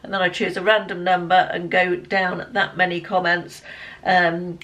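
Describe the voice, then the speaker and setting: A woman in her fifties chatting casually in a rambling day-in-the-life vlog, full of ums and restarts, sometimes dropping to a soft near-whisper. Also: lowish voice, level tone, normal speed, lo-fi sound. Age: 50s. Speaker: lifestyle vlogger.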